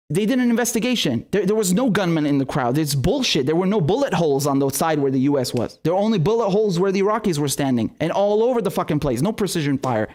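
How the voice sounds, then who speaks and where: This young man hosts a political livestream, and his voice is slightly high and a bit mellow. He rants furiously with heavy profanity, often stammering and restarting, and reads viewers' super chats aloud.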